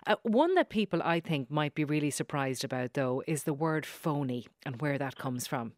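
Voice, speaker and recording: A woman radio presenter who interviews a guest with brisk, prompting questions. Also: low-pitched, expressive, darkish tone, no echo, studio quality.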